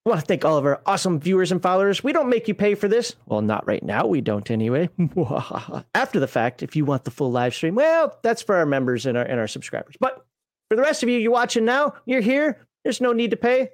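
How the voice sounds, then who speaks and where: Male host with a high voice and a dry, close sound; rambling, jokey stream banter. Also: expressive, fast, no echo. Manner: rambling and joking, chuckling often. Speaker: podcast host. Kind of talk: casual live-stream chat.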